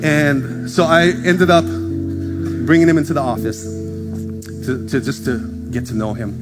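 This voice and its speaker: Male pastor mid-sermon, chatty storyteller who mimics people, mid-pitched, with clear music under him. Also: slow pace. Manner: casual storytelling, acts out voices, jokes with congregation. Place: church in front of a congregation. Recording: music playing under the speech.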